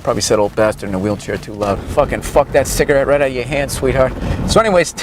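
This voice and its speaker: A man's voice: medium pitch, wildly swooping pitch, fairly quick, background noise. Crude, sarcastic man ranting on a street. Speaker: vlogger giving a street tour. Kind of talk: profane comic rambling. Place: outdoors on a town main street.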